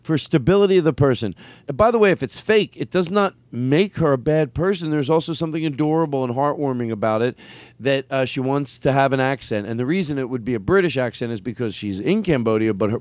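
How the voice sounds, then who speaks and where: A man's voice: medium pitch, expressive, quick pace, darkish tone, no echo. A man hosting a comedy podcast, talking casually, rambling and circling back to press his point. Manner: rambling, restarts, builds arguments insistently. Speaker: podcast host.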